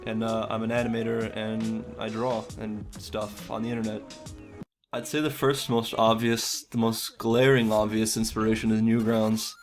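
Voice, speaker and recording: A young man speaks in a low, flat voice with little rise and fall, rambling through a casual interview about his work as an animator. He is self-deprecating and swears offhandedly, and soft music plays faintly behind him. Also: normal speed.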